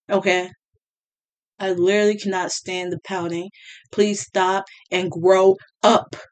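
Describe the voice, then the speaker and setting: A young woman ranting bluntly and sarcastically to camera as a vlogger. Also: medium pitch. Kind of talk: casual rant to camera.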